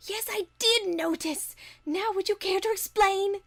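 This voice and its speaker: A high, elegant voice of a fashionable unicorn mare, voiced by a woman. She speaks in a posh, theatrical way, fitting a dressmaker in a fan audio drama. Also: expressive, normal speed. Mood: exasperated.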